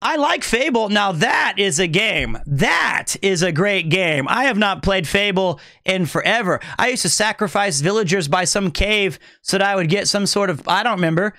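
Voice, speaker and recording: Upbeat young male streamer, high-pitched, dry close mic. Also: animated, normal speed, few pauses, pushed and bright, dry recording. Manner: upbeat, thanks viewers, chatty. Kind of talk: casual live-stream chat.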